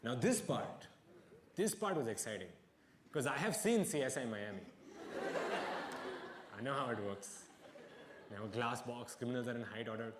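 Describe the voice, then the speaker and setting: Dude doing stand-up, dry self-mocking storytelling, lively pitch, roomy hall, crowd laughs. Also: male voice, normal speed, pauses often, noisy background. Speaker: stand-up comedian. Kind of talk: stand-up comedy. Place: live comedy venue. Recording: echoey venue with audience laughter.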